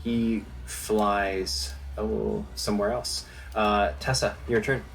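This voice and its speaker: A man narrating as dungeon master in a relaxed, hesitant way, with plenty of fillers. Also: fairly low pitch, takes it slowly, gravelly, music in the background. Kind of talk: narrating a tabletop game.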